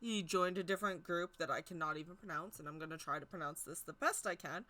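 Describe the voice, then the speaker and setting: A woman's voice: lowish voice, quick pace, sharp tone. A woman giving a casual, chatty history talk on tarot, stumbling over hard names and poking fun at herself. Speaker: tarot teacher.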